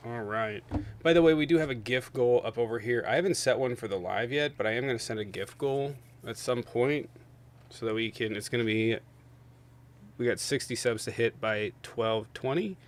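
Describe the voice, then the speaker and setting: A man hosting a livestream of political debates, venting angrily with heavy profanity and loud bursts, then calmly reading out subscriber thanks. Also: medium pitch, moderate pace. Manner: angry, profane ranting. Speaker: livestream host. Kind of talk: heated political debate stream.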